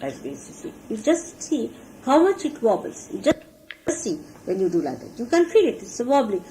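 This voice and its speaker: A woman with a fairly high, sing-song, mellow voice speaks at normal speed, earnestly instructing her followers on behavior while gesturing to show each point. As a spiritual teacher, she is preserved on a rough archival talk recording with a faint hiss.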